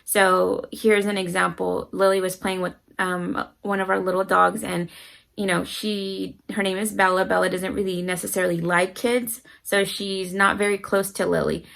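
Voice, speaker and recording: A woman's voice: medium pitch, flat delivery, moderate pace, vocal fry, a bit bright, rough recording. A middle-aged mother talking casually to camera with parenting advice, earnestly acting out her children's voices as she tells stories. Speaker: parenting vlogger.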